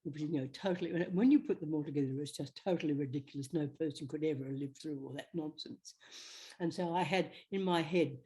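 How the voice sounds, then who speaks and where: An older woman, an actress guest telling chatty, animated stories in an interview. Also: low voice, fast. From Australia. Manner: chatty, animated, slips into quoted voices. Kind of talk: anecdotal storytelling.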